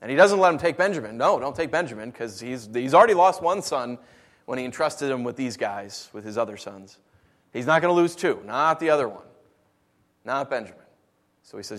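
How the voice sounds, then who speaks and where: A man with a slightly high voice teaches from the Bible, mixing scripture reading with lively, conversational explanation. He speaks in an animated way, with everyday asides. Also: brisk. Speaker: preacher.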